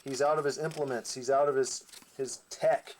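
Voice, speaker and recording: A man's voice: medium pitch, steady tone, normal speed, a little hiss or hum. Casual rambling male comic narrator. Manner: rambling, casual, with fillers and asides. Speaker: comic creator.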